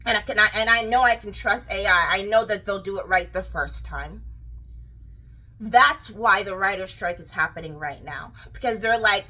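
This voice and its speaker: A young woman with a childlike, girlish way of talking, ranting casually to camera in a rambling, animated way full of fillers and restarts. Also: mid-range voice, moderate pace, low-quality recording. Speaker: vlogger.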